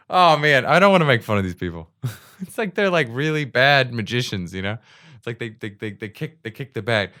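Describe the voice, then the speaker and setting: A man's voice: medium pitch, lively intonation, normal speed, bright, forceful tone, dry recording, clean studio sound. A man hosting his own podcast in a rambling, self-deprecating comic monologue, laughing between phrases, recorded on a USB mic. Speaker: podcast host. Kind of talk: solo comedic monologue. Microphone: secondhand USB mic.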